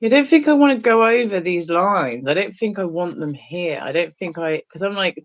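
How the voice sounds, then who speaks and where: A woman hosting a relaxed painting stream, who teases her friend and rambles in a playful way. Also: fairly low pitch, moderate pace. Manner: teasing, playful, rambling with restarts. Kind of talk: casual chat while painting on a stream.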